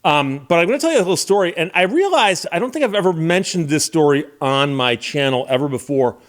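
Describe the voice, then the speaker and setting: Man telling a story, slightly high voice. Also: expressive, fast. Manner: conversational, acts out quoted voices. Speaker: channel host. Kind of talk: casual storytelling.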